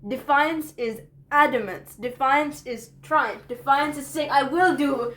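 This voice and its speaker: An earnest young woman in her early twenties talking through her feelings in a confessional vlog. She sounds reflective and self-deprecating, with a slightly high voice. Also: unhurried, fairly bright tone. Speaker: college student vlogger.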